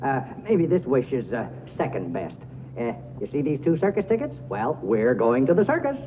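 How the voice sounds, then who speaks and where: An actor playing an excitable, fussy older male neighbor in a 1950s sitcom, blustery and quick to chuckle. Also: mid-range voice, faint music behind, close to an everyday voice. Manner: blustery, lively, chuckling often. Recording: tinny, hissy old TV soundtrack.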